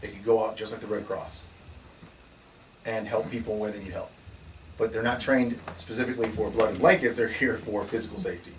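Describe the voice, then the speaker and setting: A man telling stories in a casual conversation as the founder of a security company, animated and laughing, often restarting and acting out what people said. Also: lowish voice, brisk. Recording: distant mic with faint noise.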